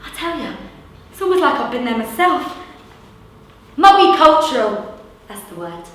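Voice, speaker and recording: A woman's voice: high-pitched, very animated, normal speed, a little hiss or hum. A woman playing a chatty, cheerful London street seller in a theatre monologue, telling a story and mimicking the voices of others, with a London accent. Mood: lively. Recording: echoey hall from far off.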